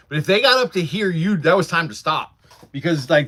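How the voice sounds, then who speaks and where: A man's voice: fairly high pitch, animated, fairly quick, bright, forceful tone. A man in his forties hosting a casual livestream from his workshop, rambling through stories and laughing often while answering chat. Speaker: livestream host.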